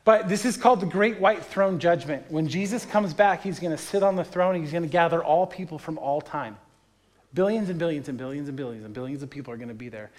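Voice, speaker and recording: A man's voice: fairly high pitch, a little fast. A man in his thirties, a pastor, preaching a sermon in a conversational, storytelling way, acting out the people he quotes.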